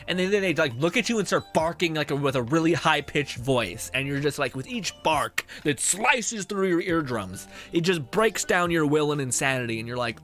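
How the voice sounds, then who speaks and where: A young man streaming a game chats loosely with his viewers in a slightly high voice. He rambles, swears freely and laughs between phrases, with faint game music under him. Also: lively intonation, a little fast, fairly bright tone. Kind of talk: casual chat with viewers while gaming.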